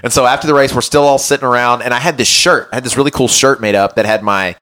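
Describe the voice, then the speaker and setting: A man hosting a podcast as a run coach, telling an animated, self-mocking story in casual chat and often checking in with "right?". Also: medium pitch, fast.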